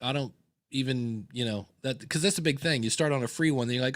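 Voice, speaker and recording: A man's voice: medium pitch, fast talker, no echo, studio quality. A man co-hosting a podcast in casual chat, rambling with joking asides and many restarts. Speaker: podcast co-host.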